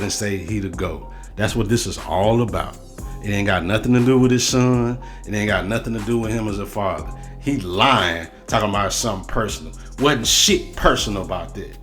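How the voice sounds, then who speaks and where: Male sports host, lower voice, heated profane rant, hammers his points again and again. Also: a bit bright.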